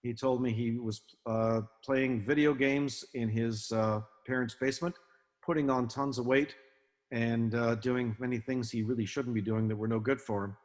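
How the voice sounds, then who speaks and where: An older man giving an illustrated talk to an audience, relaxed and anecdotal, with many fillers and restarts. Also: mid-range voice, moderate pace. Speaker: guest speaker, film naval advisor. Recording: long hall reverb.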